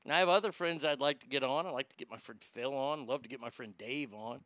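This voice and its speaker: A man hosts a talk podcast with a bright, forceful voice that is smooth and resonant. He reads listener comments and rants bluntly with plenty of swearing, jumping from loud outbursts to low muttering. The sound is dry and close. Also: fast, no room sound. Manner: blunt, profane ranting. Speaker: podcast host. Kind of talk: casual chat reading listener comments.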